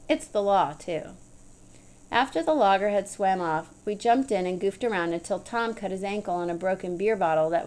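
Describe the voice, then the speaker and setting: A woman's voice: medium pitch, darkish tone. A woman reading a story aloud in an easygoing, storytelling manner, as audiobook narrator. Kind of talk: scripted narration.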